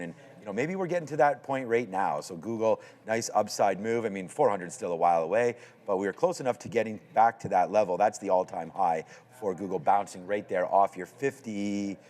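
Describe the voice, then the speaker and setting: A man co-hosting a live day-trading broadcast, giving relaxed market commentary full of fillers and repeated words. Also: lowish voice. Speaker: day trader co-host.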